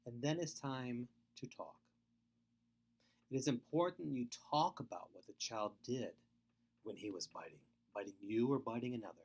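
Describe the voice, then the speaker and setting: A man's voice: mid-range voice, normal speed. A middle-aged man giving a webinar lecture to foster parents, earnest and emphatic, repeating his key points. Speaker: foster care speaker.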